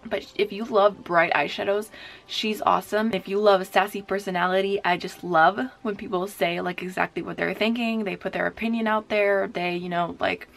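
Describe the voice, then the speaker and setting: A woman's voice: mid-range voice, fairly even intonation, moderate pace, creaky. A young woman vlogging about beauty in a casual, gushing way, full of fillers. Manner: chatty and gushing, many fillers. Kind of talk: casual chat.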